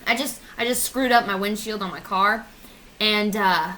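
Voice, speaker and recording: A woman's voice: mid-range voice, normal speed, sharp tone, poor audio. A woman in her twenties ranting sarcastically on her vlog, swearing and mocking herself. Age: 20s. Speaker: vlogger. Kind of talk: casual comedic rant.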